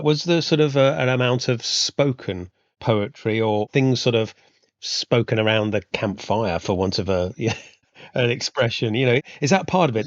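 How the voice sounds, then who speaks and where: A man's voice: medium pitch, dry recording, lo-fi sound. A man hosting a history podcast, asking long, musing questions full of "sort of" and "you know". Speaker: podcast host. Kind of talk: podcast interview.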